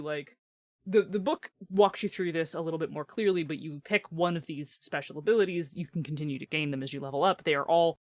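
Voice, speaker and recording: A woman's voice: deep voice, no echo. Woman podcast host chatting, laughs a lot, a bit sarcastic, dead dry close mic. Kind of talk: casual chat about tabletop games.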